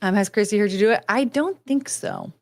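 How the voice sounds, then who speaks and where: A woman's voice: mid-range voice, wildly swooping pitch, a little fast, creaky, darkish tone. A woman hosting a casual livestream, chatty and self-mocking as she answers her chat. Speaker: livestream host.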